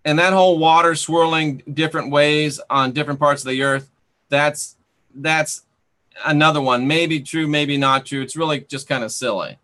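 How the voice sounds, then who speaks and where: A man's voice: on the high side, fairly even intonation, moderate pace, bright, forceful tone. A man hosting a live stream, reading viewer comments aloud and sarcastically scolding and banning rude commenters. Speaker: channel host.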